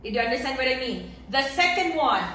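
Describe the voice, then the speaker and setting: High-voiced teacher in an echoey classroom. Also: female voice, expressive, brisk, pushed and bright, slight background noise. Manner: checks understanding with repeated questions, switches into Russian and Tajik to explain. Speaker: English teacher. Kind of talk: classroom grammar lesson.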